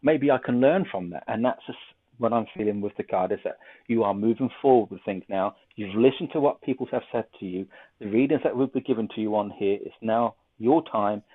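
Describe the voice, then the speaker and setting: On a tinny phone-quality line, a man with a lowish, husky voice talks fairly quickly while hosting a psychic show. Chatty and joking, he thinks aloud through card readings and a quiz on a video call.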